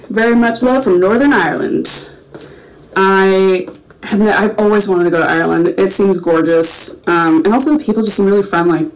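A woman's voice: medium pitch, slight background noise, rough recording. A young woman chatting casually on a livestream while signing autographs, rambling and self-aware.

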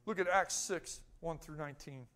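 A male pastor with a notably high voice delivers a sermon. He swings between fervent, climbing bursts and quiet, low-pitched asides, pressing the congregation with rhetorical questions. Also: normal speed. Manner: emphatic preaching that rises and falls, with rhetorical questions to the congregation.

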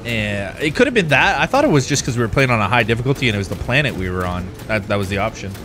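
Casting: a male gaming host, casual and profane, lively pitch, game music clear underneath. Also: racing. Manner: laid-back, swears, gets loud and excited. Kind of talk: casual co-op gameplay chat.

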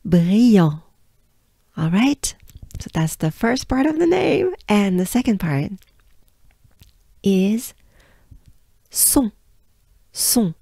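A French-accented woman leads a pronunciation lesson, taking her time and repeating each sound. Her voice is low, gravelly and dry, as if recorded close in a small, dead room. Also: warm tone, no echo. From France. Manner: patient, encouraging, drawn-out demonstrations. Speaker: pronunciation coach. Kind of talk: pronunciation lesson, slow and repetitive.

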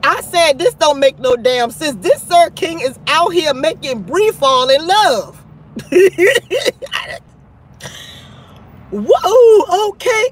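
High-voiced woman in her thirties, live-stream host, gossipy and excitable. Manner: animated, gossipy, full of "child" and "honey". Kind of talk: casual live-stream chat.

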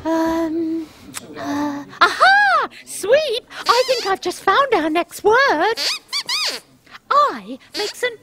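A woman hosting a children's programme with a very high voice. She speaks slowly and in a playful, teacherly way. Loud music plays behind her. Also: big pitch swings. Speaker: children's TV presenter. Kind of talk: children's TV presenting and storytelling.

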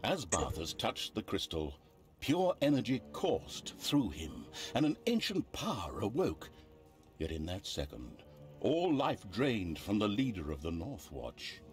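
An actor playing a sardonic narrator of a dark fantasy video game, telling the tale with theatrical dry humor. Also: male voice, on the low side, huge pitch swings, unhurried, faint music behind. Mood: wry.

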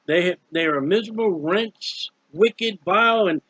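A man's voice: high voice, moderate pace, fairly bright tone, breathy edge, no echo, highs cut off. A man preaching about a hymn in an earnest, pleading way, repeating phrases as he urges listeners toward faith. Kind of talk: sermon-style hymn commentary.

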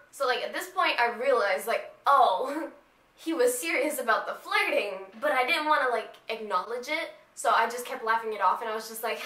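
Young woman, from North Carolina, chatty storyteller, high bright voice, echoey room, camera mic. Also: brisk. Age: young adult. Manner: chatty, laughs often, fillers like "you know". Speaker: vlogger. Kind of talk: casual storytime vlog.

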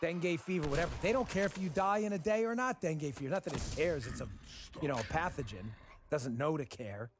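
A man's voice: fairly high pitch, animated, fast, noisy background. A man from Texas hosting a show and delivering frustrated, emphatic political commentary that often repeats itself. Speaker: host. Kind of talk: political commentary over gameplay.

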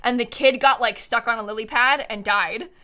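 This twenty-something streamer keeps up giggly, casual chatter while playing a life-sim game live, frequently breaking into laughs. Her voice is a little high, bright, and forceful, delivered at a normal speed.

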